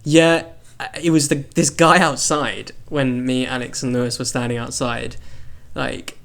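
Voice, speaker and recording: Young man, casual podcast co-host, animated storyteller, laughs as he talks. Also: medium pitch, a little slow, vocal fry. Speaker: podcast co-host, band member. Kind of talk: casual chat.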